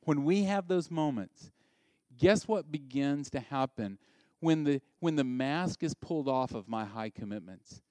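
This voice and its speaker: A male pastor giving a sermon, animated and conversational, asking the listeners direct questions. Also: medium pitch, unhurried, no room sound.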